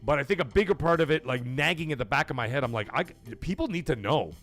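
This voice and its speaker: A man's voice: on the high side, lively intonation, quick pace, a bit bright, soft background music. A man hosting a gaming livestream, talking to chat in an emphatic, blunt way with swearing. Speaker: gaming show host.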